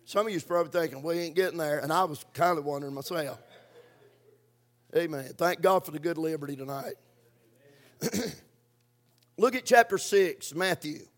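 A man preaching a sermon in a church, stressing points by slow repetition. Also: a little high.

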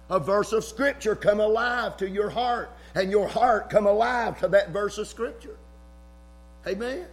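A man preaching a fervent sermon in church, rising to shouts between folksy asides. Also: very high-pitched.

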